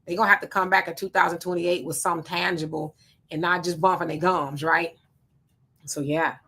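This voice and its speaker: Woman, live-stream host, casual commentary, reads out viewer comments, bright forceful tone. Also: fairly low pitch, fairly even intonation, brisk. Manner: chatty, greets commenters by name, reads comments aloud.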